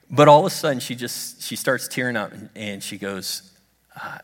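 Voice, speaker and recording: Middle-aged male preacher, animated storyteller with a bouncy, expressive delivery, miked in a reverberant sanctuary. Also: normal speed. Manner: animated storytelling, lively swings in pitch. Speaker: pastor. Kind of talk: sermon. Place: church sanctuary under stage lights. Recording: long hall reverb.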